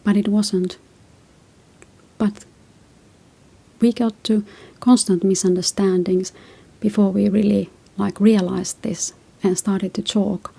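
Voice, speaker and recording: Husky, gravelly woman giving gentle advice. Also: medium pitch, little pitch movement, slow. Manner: reflective, tells personal stories. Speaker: relationship advice host. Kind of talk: casual advice talk.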